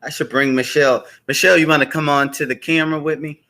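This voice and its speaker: A man's voice: a little high, fairly even intonation, fast talker, pushed and bright. A man hosting a live stream show, chatting casually, greeting viewers by name and repeating his welcomes.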